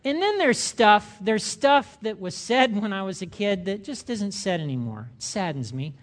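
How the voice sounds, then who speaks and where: An older man preaching a sermon, animated, acting out the voices of the people he quotes. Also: sits high, normal speed. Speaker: pastor.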